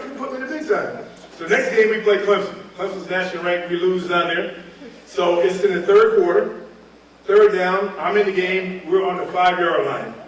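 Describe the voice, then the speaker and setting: A man in his fifties from North Carolina, telling humorous stories as a keynote speaker at a reunion. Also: high-pitched. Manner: animated, humorous, acts out scenes. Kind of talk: storytelling speech. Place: large hall at a reunion event. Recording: echoey hall, mic far off.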